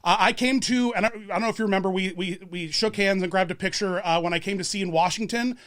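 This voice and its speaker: A man's voice: high-pitched, fast talker, a bit bright. A man hosting a casual podcast chat, gushing like a fan and rambling through his questions. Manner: eager fan, rambling with many fillers and restarts. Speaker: podcast host.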